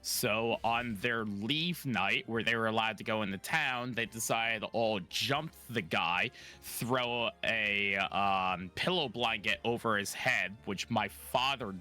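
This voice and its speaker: A man's voice: fairly low pitch, slow pace, hardly any pauses. A man chatting casually on a live stream, telling stories with lots of swearing and laughter. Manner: swears freely, laughs a lot, animated storytelling. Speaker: streamer co-host. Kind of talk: casual storytelling chat. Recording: music faint in background.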